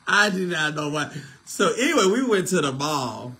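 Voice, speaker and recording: A man's voice: high-pitched, sing-song, a little slow, a bit bright. A man, hosting a casual phone livestream as a minister, chatty and preachy, often laughing.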